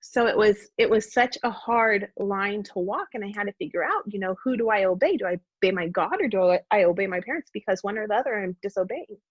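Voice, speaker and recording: Woman guest, husky, heartfelt testimony, dull dry podcast sound. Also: mid-range voice, fast, hardly any pauses, dry recording. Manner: earnest, heartfelt storytelling. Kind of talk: personal testimony in conversation.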